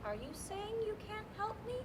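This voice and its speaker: A woman's voice: very high voice, very animated, normal speed. A woman playing a whiny, melodramatic petitioner. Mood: insistent. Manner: whiny, pleading, theatrical. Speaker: stage actor. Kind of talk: live stage play. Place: school auditorium stage. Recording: noisy live stage recording.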